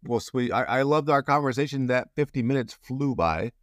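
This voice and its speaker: A medium-pitched, animated man hosts a casual podcast interview at a moderate pace. He rambles and jokes around with lots of restarts, recorded with clean studio sound and no room sound.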